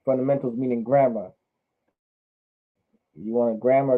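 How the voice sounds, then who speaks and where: Man teaching over a tinny line. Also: medium pitch. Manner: repetitive, drills pronunciation slowly. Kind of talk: online language class. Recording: phone-like narrow sound.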